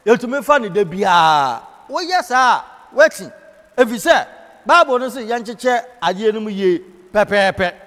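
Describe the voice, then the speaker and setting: High-pitched Ghanaian man preaching in a hall. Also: a bit bright. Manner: preaching in Twi, switching to English for scripture and key phrases. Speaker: Bible class teacher. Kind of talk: sermon-style Bible teaching.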